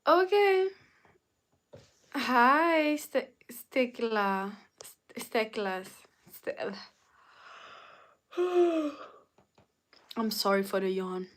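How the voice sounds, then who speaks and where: Slow-talking woman streamer chatting. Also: on the high side, animated, fairly bright tone. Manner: drawn-out, greets and reads out chat names. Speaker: live streamer. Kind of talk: casual live-stream chat with viewers.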